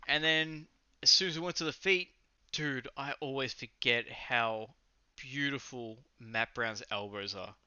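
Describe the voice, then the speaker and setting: Bright, crisp Australian bloke chatting fights. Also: male voice, medium pitch, measured pace, no echo. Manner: loose, swearing, enthusiastic, rambling. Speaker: podcast co-host. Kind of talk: casual fight recap chat. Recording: slightly muffled lo-fi audio.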